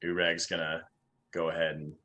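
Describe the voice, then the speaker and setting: A man's voice: a bass voice, completely flat delivery, moderate pace, bright, forceful tone, dull audio. A man playing in a tabletop game, laid-back and swearing casually. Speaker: player.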